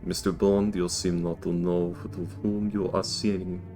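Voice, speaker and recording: A man's voice: low voice, level tone, normal speed, loud music behind the voice. A man playing a boastful fellow called Boris in a comedic Russian accent, dropping his articles during a tabletop game. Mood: hammy. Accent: Russian, put on. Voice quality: hammy, broken grammar.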